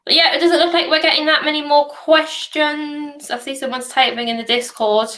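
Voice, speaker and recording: A young woman from northeast England with a softened Geordie accent and a sore throat, chatting casually as host of a hackathon livestream Q&A. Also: sits high, steady tone, normal speed. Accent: softened Geordie, somewhat posh. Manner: chatty, reads questions aloud, hums while waiting.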